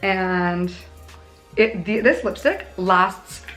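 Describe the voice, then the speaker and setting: A woman's voice: mid-range voice, extremely slow, fairly bright tone, soft background music. A young woman in her twenties from Canada, chatting through a casual makeup tutorial with bubbly, self-mocking asides. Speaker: beauty vlogger.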